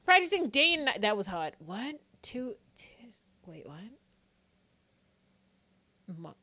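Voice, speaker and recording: Woman streamer, playful banter with chat, lively swooping pitch, mid voice. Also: slow pace. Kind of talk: live game stream chat.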